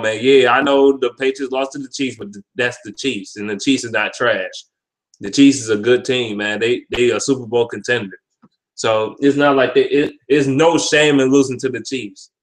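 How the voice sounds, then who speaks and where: A man of medium pitch gives his picks in a loose, off-the-cuff way. He talks bluntly, swears freely and trips over his words, restarting phrases and repeating himself as he makes his point. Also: rough recording. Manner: blunt, profane trash talk with frequent repeats and restarts. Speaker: vlog host giving sports picks. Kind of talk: casual sports prediction talk.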